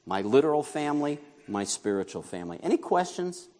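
Male pastor, sermon, slightly high voice, conversational, questions the congregation, from New York. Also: very animated, fairly quick, darkish tone, slight background noise.

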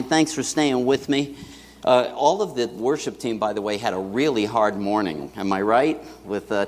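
A man preaching a sermon in a church to his congregation, talking in a lively, conversational way with asides to the listeners. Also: mid-range voice, long reverb tail. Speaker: pastor.

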